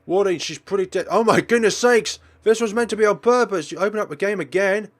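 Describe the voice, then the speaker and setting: Man reacting loudly to a game. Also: high-pitched, fairly quick. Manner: exclamatory, dramatic reactions. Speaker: let's play host. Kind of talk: gameplay commentary.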